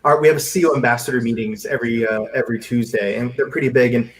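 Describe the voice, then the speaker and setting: A man who grew up in Seychelles, hosting a casual video chat in an animated way, often stumbling over repeated words. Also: mid-range voice, very fast, rough recording. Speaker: host. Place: live video call.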